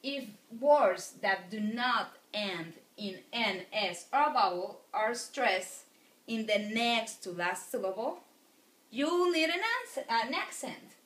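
Slow and expressive, a Spanish teacher with a fairly high, fairly bright voice patiently repeats words for her students. The recorded classroom lecture takes place in a room with noticeable echo.

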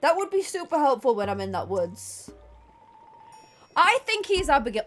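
Bubbly high-voiced woman gaming host. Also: big pitch swings, normal speed, slight background noise. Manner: bubbly, giggly, self-mocking. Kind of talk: casual co-op gaming chat.

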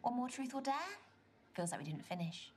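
A woman's voice: on the high side, animated, brisk, dark tone, lightly acted. An actress playing a playful, sarcastic young woman on a date in a live-action video game. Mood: teasing.

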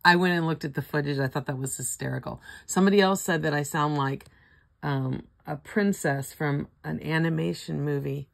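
An older woman with a hoarse throat, casually calling out scratch-off ticket symbols one by one with chatty asides. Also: low voice, fairly even intonation, moderate pace, dry recording. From Florida. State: hoarse, throat not cooperating. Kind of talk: casual running commentary.

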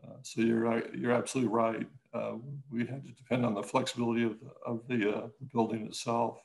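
Gravelly-voiced man telling stories. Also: medium pitch, poor audio. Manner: halting, many restarts and fillers, animated when telling stories. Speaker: architect, interview guest. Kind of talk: casual conversational interview.

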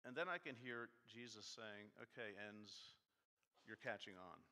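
A man's voice: lowish voice, animated, unhurried, pushed and bright. A man giving a conversational, self-deprecating sermon in a church, animating his points by mock-arguing with his text. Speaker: guest preacher. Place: church sanctuary. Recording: long church reverb.

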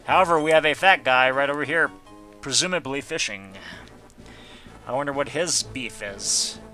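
A man's voice: mid-range voice, normal speed, bright, forceful tone, faint music behind. A man giving casual gameplay commentary, reading game text aloud and adding goofy asides. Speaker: let's player.

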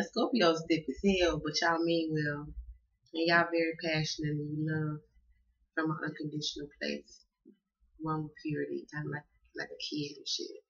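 Southern lady doing a tarot reading, swearing a lot, sharp bright voice, muffled lo-fi sound. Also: sits low. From Southern United States. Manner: profane, emphatic, slangy and affectionate. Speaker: tarot card reader. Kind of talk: casual tarot reading monologue. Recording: dull lo-fi audio.

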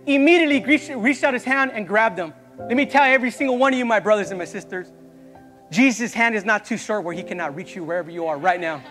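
High-voiced young man preaching in a hall. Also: fast talker, a bit bright, soft background music. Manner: impassioned preaching, repeated calls to the congregation. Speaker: youth pastor. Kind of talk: sermon. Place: church.

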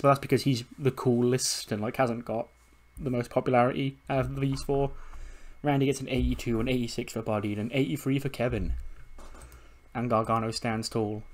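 Chatty man recapping a game. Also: mid-range voice. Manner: chatty, quick recaps with laughs. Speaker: game commentator. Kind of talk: casual let's-play narration.

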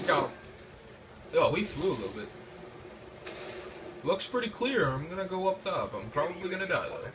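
A young man giving loud, profane, excitable live commentary over a shooter game, yelping when things go wrong. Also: fairly high pitch, normal speed, long pauses, recorded from a distance, background noise. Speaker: gaming commentator.

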